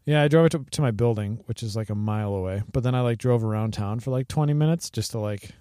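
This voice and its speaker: A man of middle pitch talks in a loose, rambling way, full of "like" and "um," and he often breaks into a laugh. His voice sounds dry and close, with no room around it. He is one of the show's regular hosts. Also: fast, warm tone, clear, resonant tone, no echo. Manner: rambling, hesitant with many fillers and restarts, laughs often. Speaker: podcast co-host. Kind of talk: casual chat.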